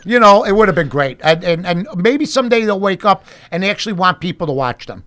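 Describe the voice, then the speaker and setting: Animated man telling rambling stories. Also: sits high, a little fast. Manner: animated, rambling, full of "you know, I mean" asides. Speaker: guest. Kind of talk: casual storytelling chat.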